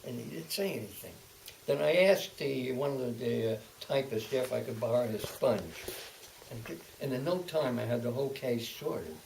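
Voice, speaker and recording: A man's voice: medium pitch, gravelly, a little mellow, recorded from a distance, poor audio. Brief: old man in his eighties, oral-history storyteller, stop-start delivery, mic set back with faint hiss. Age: 80s. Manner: halting, repeats words and restarts, then speeds up. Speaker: interviewee, veteran. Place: home, indoors.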